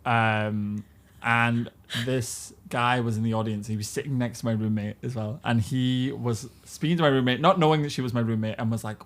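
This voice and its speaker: A man's voice: medium pitch, fairly even intonation, normal speed. A British man in his twenties chatting candidly as a podcast guest, laughing often and full of fillers. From Britain. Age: 20s. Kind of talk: casual chat.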